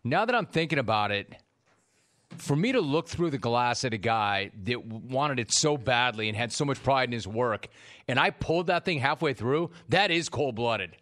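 A man's voice: medium pitch, animated, moderate pace, fairly bright tone. A man hosting a sports radio call-in show, ribbing his producer in a teasing, exasperated way. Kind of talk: animated radio talk show banter.

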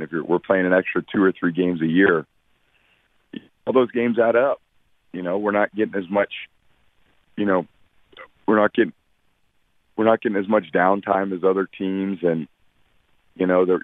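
A man with a low voice calls in to a radio show, and the line sounds tinny and dry. He is in his forties and answers in a measured way, padding his sentences with fillers. He speaks as a guest athlete. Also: dry recording. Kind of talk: radio phone interview.

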